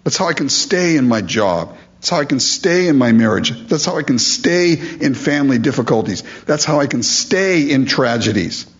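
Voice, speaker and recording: A man's voice: mid-range voice, dull audio. A man preaching a sermon as pastor, earnest and emphatic, asking rhetorical questions and repeating key phrases.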